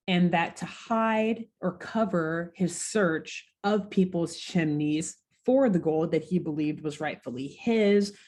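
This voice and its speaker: Podcast co-host, woman, fairly low voice, lively casual storytelling with swearing. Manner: animated, swearing, laughing storyteller. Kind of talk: casual recap chat.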